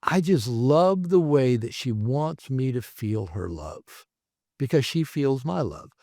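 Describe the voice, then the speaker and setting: A man, a therapist and author, telling stories in a casual interview, rambling and animated with many fillers. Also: mid-range voice, slow pace, no room sound, clean studio sound. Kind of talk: casual conversational storytelling. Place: his home.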